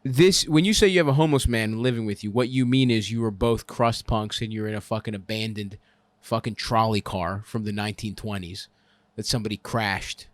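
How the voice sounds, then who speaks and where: A man's voice: on the low side, brisk, no room sound. A man hosting a comedy advice show, ranting crudely and laughing at his own jokes on a close mic.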